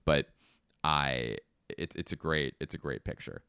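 A stand-up comedian from Philadelphia telling a rambling, casual anecdote full of fillers and self-corrections. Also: male voice, extremely low pitch, a little slow, gravelly, pushed and bright, clean tone, dry recording, clean studio sound.

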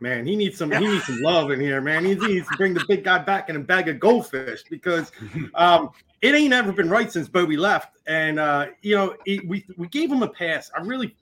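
A man's voice: sits high, fairly bright tone. A man co-hosting a sports podcast, breaking down play earnestly with a few fillers. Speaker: podcast co-host. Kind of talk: casual sports talk.

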